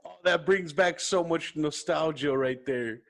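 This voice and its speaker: A man's voice: fairly high pitch, unhurried, fairly bright tone. A man hosting a casual interview podcast, enthusiastic and complimentary toward his guest. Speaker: podcast host.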